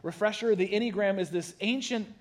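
A man, a pastor, giving a sermon in a casual, conversational way, with animated storytelling and self-deprecating asides. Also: high voice, brisk. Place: church sanctuary.

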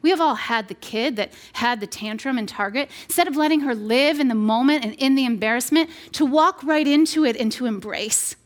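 A woman's voice: high voice, fairly quick, few pauses. A woman in her thirties giving an earnest, conversational devotional talk to mothers, with frequent restarts and playful asides. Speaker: speaker addressing mothers. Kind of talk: sermon-style devotional talk.

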